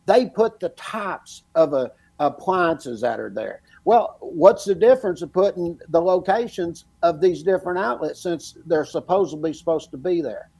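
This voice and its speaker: A man's voice: a little high, mellow. A man co-hosting a podcast, talking casually and ranting indignantly about double standards. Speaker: podcast co-host.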